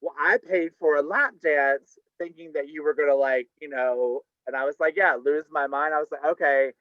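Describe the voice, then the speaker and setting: A campy, chatty older man spins a story and keeps tossing in "honey." His voice sits a little high. The video call audio is dull and dry, with no room sound. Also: fairly even intonation, normal speed, no room sound. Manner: campy, chatty, says "honey, okay?" often. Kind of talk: live storytelling.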